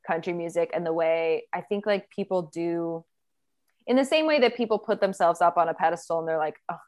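A woman's voice: fairly low pitch, fairly quick, a little mellow. A young woman co-hosting a podcast in casual chat, sarcastic and full of "like". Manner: chatty, sarcastic, uses "like" a lot. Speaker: podcast co-host.

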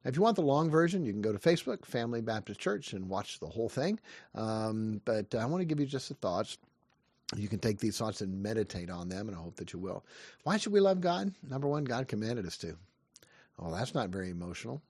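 A man in his fifties giving a short devotional sermon, earnest and lively, asking questions and answering them. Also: fairly low pitch, husky, no room sound, studio quality. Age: 50s. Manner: earnest, lively preaching with rising questions and quick asides. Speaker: pastor.

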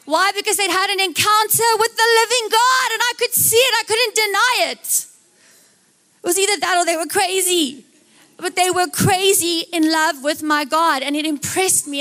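Her voice is very high-pitched and moderately paced as this young South African woman preaches live. Animated in her storytelling, she performs different voices and slips in playful, jokey asides.

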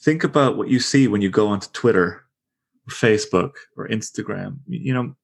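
A man with a lowish voice leads a book discussion for a podcast. He muses out loud, poses questions to the group and reads passages from the text. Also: brisk, gravelly, breathy edge. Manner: reflective, asks questions, reads passages aloud. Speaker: discussion leader.

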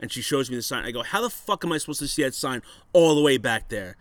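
A man telling a bar story in casual chat, profane and animated, acting out what people said. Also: medium pitch, quick pace, dry recording.

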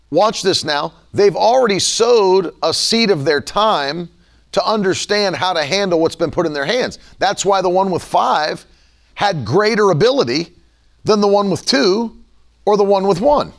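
A man preaching a sermon in an animated style, sometimes acting out the voices of people he quotes. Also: sits high, vocal fry.

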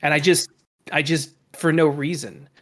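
A man's voice: on the high side, normal speed, a bit bright. A man in casual podcast chat, rambling with lots of fillers and casual swearing.

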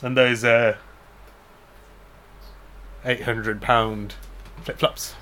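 A man's voice: mid-range voice, flat delivery, very slow, slight background noise. A man co-hosting a podcast, chatting casually and laughing often as he jokes. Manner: laughs often, playful, goes loud on jokes. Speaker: podcast co-host. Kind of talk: casual joking chat.

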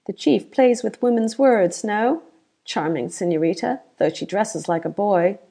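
A woman voicing a grinning Spanish male guard who mocks softly and menaces. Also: medium pitch, measured pace, breathy edge. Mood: mocking. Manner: soft-spoken, teasing.

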